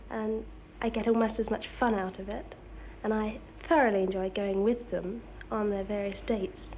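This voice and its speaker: A musician's wife talks softly and fondly about the band in a documentary interview. Her voice sits at a middle pitch, with a faint hiss. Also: fairly even intonation, moderate pace, poor audio.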